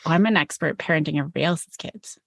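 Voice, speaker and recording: Brief: forties female co-host, very low gravelly voice, candid and playful, dry close mic. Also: rapid-fire, a bit bright, dry recording. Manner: candid, playful, explains in examples. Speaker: podcast co-host. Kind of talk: casual chat.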